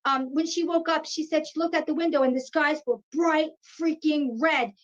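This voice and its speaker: High-pitched woman in her 50s telling a wild story, muffled lo-fi sound. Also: normal speed. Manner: animated, acts out quoted voices. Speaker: guest. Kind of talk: personal storytelling. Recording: dull lo-fi sound.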